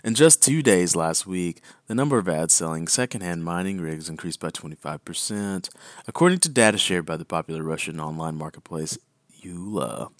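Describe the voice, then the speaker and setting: Deep-voiced man reading crypto headlines. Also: expressive, normal speed, no room sound, clean studio sound. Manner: reads headlines, then explains loosely with "right?" asides. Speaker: podcast co-host. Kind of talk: casual news read and chat.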